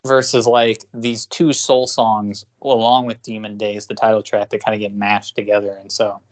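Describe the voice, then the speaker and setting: A man's voice: on the low side, flat delivery, moderate pace. Rambling man on a music podcast. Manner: rambling, self-correcting, mimics songs loudly. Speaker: podcast co-host. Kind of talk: casual music podcast chat.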